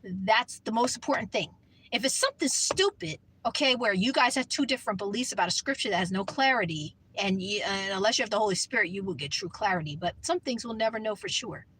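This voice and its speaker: A woman's voice: mid-range voice, animated, fast talker, a bit bright, slight background noise, low-quality recording. A woman vlogging from her parked car, talking earnestly in a rambling way and often repeating herself. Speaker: Christian vlogger. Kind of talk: casual talk to camera.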